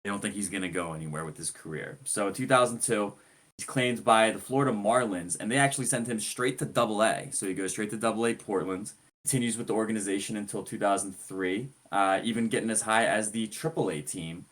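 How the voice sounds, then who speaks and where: A man co-hosting a podcast, running through a sports story in a relaxed, joking, conversational way. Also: fairly low pitch, fairly quick. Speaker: podcast co-host. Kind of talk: casual sports chat.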